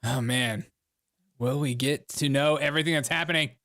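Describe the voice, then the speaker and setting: A man's voice: medium pitch, moderate pace, pushed and bright. A man hosting a live stream, reacting to election coverage with sarcastic asides and frequent laughter. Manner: sarcastic, laughs often, talks over the broadcast. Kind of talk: casual livestream commentary.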